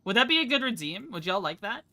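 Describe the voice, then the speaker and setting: A young woman streamer talks to her chat in a bright, forceful voice. She jumps from topic to topic, rambling and laughing along the way. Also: mid-range voice, big pitch swings, quick pace. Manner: chatty, rambling, laughs often. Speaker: VTuber streamer. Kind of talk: casual live-stream chat.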